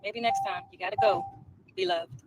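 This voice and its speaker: A woman chatting on a livestream from a car, calm and a little preachy as she lectures viewers. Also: medium pitch, normal speed. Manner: calm, preachy, laughs easily. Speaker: livestream co-host. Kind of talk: casual livestream chat. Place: inside a car. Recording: noisy phone stream.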